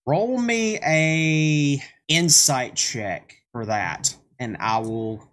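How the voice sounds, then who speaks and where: A man's voice: a little high, animated, very slow, fairly bright tone. A man running a tabletop game as game master, narrating in a loose, casual way with plenty of swearing and filler words.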